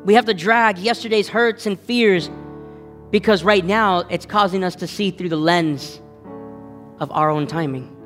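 A man preaches a sermon with a high, lifted voice. He drives his points home through repetition and switches into the voices of the people he quotes. His words ring out in a reverberant hall over faint background music. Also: a little slow, a bit bright. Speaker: pastor.

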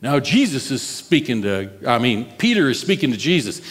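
A male pastor preaching a sermon in a conversational, expressive way, and asking his listeners questions. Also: medium pitch, moderate pace, in a large hall.

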